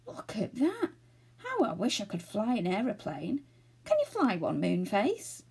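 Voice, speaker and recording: A woman's voice: medium pitch, wildly swooping pitch, unhurried, darkish tone, slightly rough, exaggerated voice. A woman reading aloud and voicing an eager young boy who turns stern when let down. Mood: wishful. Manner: keen, and stern when crossed.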